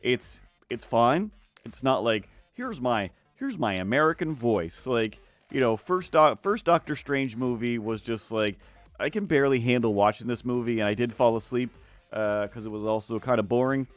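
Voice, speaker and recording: A man of middle pitch who talks casually while drawing on a stream. He rambles in loose, restarting sentences and often drops into silly voices. The sound is dry and close, with faint music underneath. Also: normal speed, dry recording. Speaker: art streamer.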